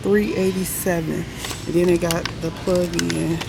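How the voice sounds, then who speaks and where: A woman's voice: on the low side, little pitch movement, measured pace, vocal fry. A woman vlogger chatting casually to camera, frank and talkative, calling her viewers y'all and swearing freely, over a noisy background. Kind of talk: casual vlog chat to camera.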